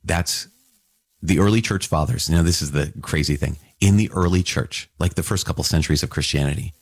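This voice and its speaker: A man teaching about scripture to a Catholic audience in an excited, marveling way, with casual asides to his listeners. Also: rumbling low, fairly quick, no echo. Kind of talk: enthusiastic scripture reflection.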